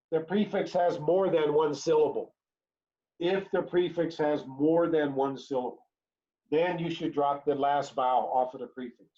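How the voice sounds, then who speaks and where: A man's voice: a little high, dark tone. Male chemistry teacher, repeating key points. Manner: repeats key phrases, checks in with "right?". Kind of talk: recorded online lecture. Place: home or classroom during remote teaching. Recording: dull lo-fi lecture recording.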